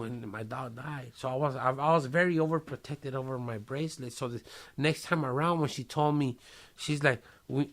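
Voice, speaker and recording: A man casually telling a long personal story in a podcast studio, cursing often and using street slang. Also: medium pitch. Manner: profane, streetwise slang, lively retelling with quoted voices.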